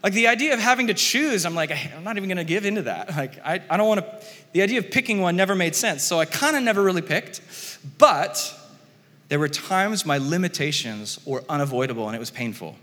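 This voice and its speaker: A male pastor delivers a sermon in a chatty, lively manner, voicing the quoted speakers and chuckling along the way. His voice sits a bit high and sounds bright and forward. A long reverb tail lingers, as in a large hall. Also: a little fast. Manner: conversational, animated, laughs often, acts out quotes.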